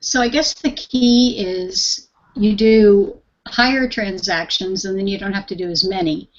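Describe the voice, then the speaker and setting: A woman's voice: medium pitch, fairly even intonation, a little slow, lo-fi sound. A woman working as a realtor, asking questions in a casual conversation, candid and chaining her thoughts with "and then". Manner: candid, talks in run-on strings of "and then".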